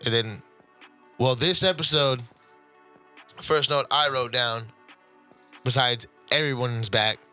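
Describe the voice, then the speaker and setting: Bright-voiced man retelling anime scenes. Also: mid-range voice, takes it slowly, pauses often, smooth, faint music behind. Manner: animated storytelling, heavy swearing. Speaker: podcast co-host. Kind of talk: casual chat.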